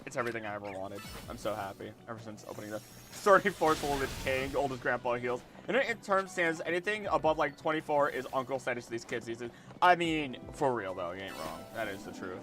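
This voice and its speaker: A man's voice: mid-range voice, animated, fairly quick, fairly bright tone, soft background music. A man in his twenties chatting casually to his viewers while playing a game, rambling and repeating himself as he reacts. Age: 20s. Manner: rambling, repeats words, talks to chat. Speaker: streamer. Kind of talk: casual gameplay livestream chat.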